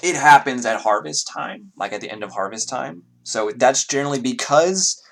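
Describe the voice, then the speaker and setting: A man's voice: medium pitch, animated, normal speed, vocal fry, a bit bright. A man narrating as game master, talking casually with lots of hesitations. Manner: hesitant, many fillers and restarts.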